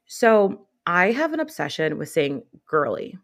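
A young woman co-hosts a podcast in a loose, chatty way. She strings her thoughts together with frequent "like" fillers and little quoted asides. Her voice sits a little low for a woman. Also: sing-song, measured pace. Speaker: podcast co-host. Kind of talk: casual chat.

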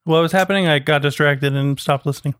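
A man's voice: on the high side, quick pace, a bit bright, clear, resonant tone. A man hosting a comedy podcast, teasing his friends with dry sarcasm. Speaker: podcast host. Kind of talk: casual comedic banter.

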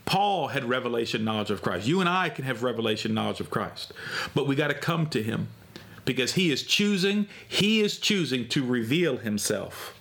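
A man's voice: mid-range voice, expressive, moderate pace, a bit bright. Emphatic man preaching a sermon. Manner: emphatic, repeats key phrases with rising intensity; conversational with restarts and fillers.

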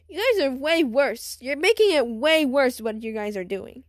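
A woman's voice: high-pitched, expressive, takes it slowly, dry recording, studio quality. A woman voicing a bratty, complaining schoolgirl who whines and snaps. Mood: cranky. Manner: whiny, snappy.

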